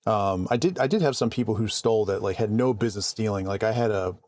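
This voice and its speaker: A man vlogging casually about his work, calm and conversational with frequent restarts. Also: on the low side, quick pace. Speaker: vlogger and IT support worker. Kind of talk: casual storytelling to camera.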